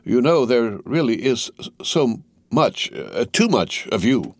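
A man's voice: medium pitch, lively intonation, moderate pace, no room sound, voice pushed up. A man voicing a mild, fussy older bank clerk who speaks politely, hesitating and stammering.

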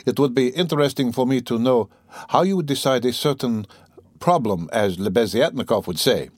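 A tense, brooding young man, as read by a male narrator, probing and peevish in his speech. His voice sits at a middle pitch. The sound is dry and close. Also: animated, moderate pace, dry recording, lightly acted.

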